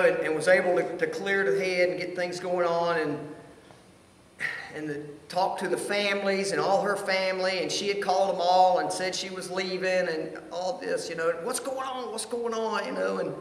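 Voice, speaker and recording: A middle-aged man gives a heartfelt personal testimony at a church recovery ministry meeting. His high, bright voice comes out haltingly, looping back to repeat key phrases. A long hall echo and a faint hum of ambience surround him.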